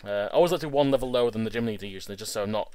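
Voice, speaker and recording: A man hosting a game video, giving casual, excitable commentary that stumbles over repeated words and restarts. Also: lowish voice, very fast, clean tone, no room sound. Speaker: Let's Play host.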